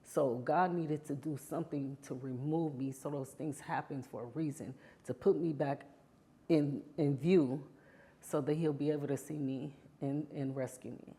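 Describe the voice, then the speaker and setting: A woman with a low voice tells her own story in an interview. She speaks from the heart and keeps adding "you know" as she goes. She gets lively when she recalls past moments. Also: moderate pace. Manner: grows animated when reliving past moments. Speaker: interview guest. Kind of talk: personal testimony interview.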